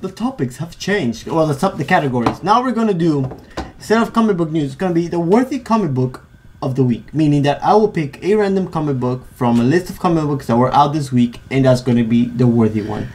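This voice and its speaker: A man co-hosting a podcast in casual chat, excitable and tripping over his words. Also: on the high side, fairly quick, a little hiss or hum. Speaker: podcast co-host.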